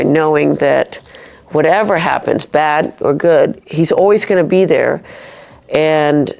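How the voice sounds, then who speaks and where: A woman with a low voice and a gravelly edge tells her faith story as a podcast guest. She speaks earnestly and reflectively, often stopping to restart a thought mid-sentence. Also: darkish tone. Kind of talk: personal faith testimony in casual talk.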